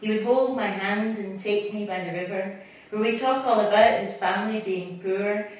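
A woman's voice: medium pitch, normal speed. A Scottish woman poet reading her poems to a live audience, with chatty asides between them. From Scotland. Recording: distant mic in an echoey hall.

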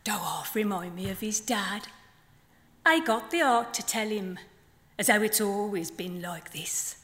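A woman with a Black Country accent voicing a weary, tart-tongued grandma flamingo in a performed poem, low and grumbling. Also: animated, measured pace, a bit bright. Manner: low, dry, grumbling delivery. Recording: long hall reverb.

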